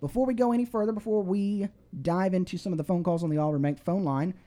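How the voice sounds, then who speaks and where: A man's voice: sits high, fast, warm tone. A man hosting a call-in sports radio show, reading scores and chatting casually with fillers and restarts. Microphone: studio microphone.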